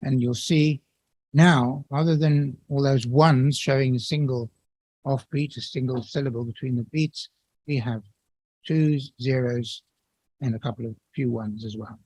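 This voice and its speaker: A man giving an academic lecture in a measured, explanatory way, with occasional restarts. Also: medium pitch, fairly even intonation, darkish tone, rough recording.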